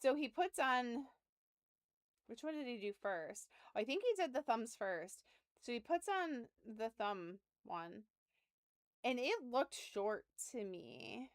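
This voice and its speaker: A woman's voice: on the high side, very animated, a little slow, no room sound. A young adult woman streaming from home, telling a story in casual chat with laughs and profanity, close to her mic. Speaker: game streamer.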